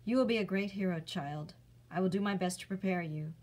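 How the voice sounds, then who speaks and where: A woman voicing a weary, wise old male centaur teacher in a storybook read-aloud, speaking calmly and firmly. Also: fairly low pitch, a little fast, close to an everyday voice. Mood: measured.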